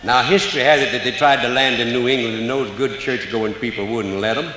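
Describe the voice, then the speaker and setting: A man's voice: mid-range voice, fairly even intonation, brisk, sharp tone. Older Cajun man telling folksy stories. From Louisiana. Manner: drawling folksy dialect with broken grammar. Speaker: storyteller. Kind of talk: live comedy storytelling. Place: stage before a live audience. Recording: roomy hall, faint audience ambience.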